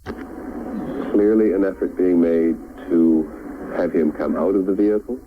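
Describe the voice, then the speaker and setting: Deep-voiced male news anchor on a tinny feed. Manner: measured, formal. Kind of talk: live breaking news coverage. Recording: tinny, noisy 1990s broadcast recording.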